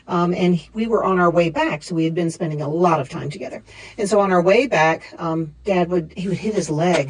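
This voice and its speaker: A woman's voice: fairly low pitch, breathy edge, low-quality recording. A woman in her fifties telling funny stories about her late father at a memorial service, laughing often as she goes. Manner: warm storytelling with frequent laughter. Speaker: eulogy speaker. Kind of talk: memorial storytelling. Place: fellowship hall.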